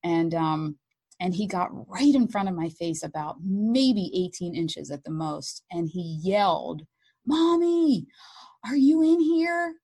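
A woman, a mother being interviewed, tells a personal story in an animated, candid way and acts out what she and others said. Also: lowish voice, a little slow, husky. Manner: animated and candid, acting out her own and others' words. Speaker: guest, mother of blind sons.

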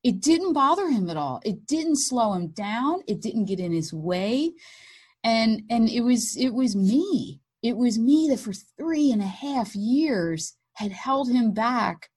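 A woman, a mother being interviewed, tells a personal story in an animated, candid way and acts out what she and others said. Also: on the high side, slow pace, slightly rough. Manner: animated and candid, acting out her own and others' words. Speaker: guest, mother of blind sons.

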